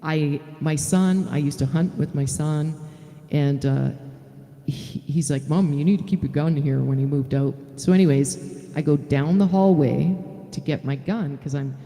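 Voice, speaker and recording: Speaking on a live stream, a middle-aged woman who writes and sings her own songs tells a story and talks openly in a low, mellow, unhurried voice. Faint guitar sounds in a reverberant room.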